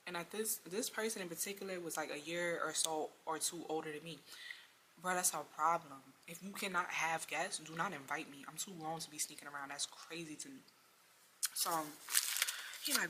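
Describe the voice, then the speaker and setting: Young woman, bright voice, exasperated storytime vlog, slangy, faint hiss behind. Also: sits low, lively intonation, normal speed. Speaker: vlogger.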